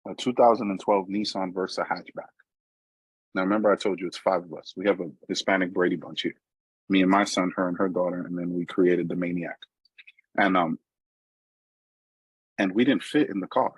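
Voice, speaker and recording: Low-pitched with a breathy edge, this middle-aged New Yorker's voice carries a New York accent as he shares a conversational recovery story at a meeting, regularly speaking aside to listeners. The low-quality recording has no room sound.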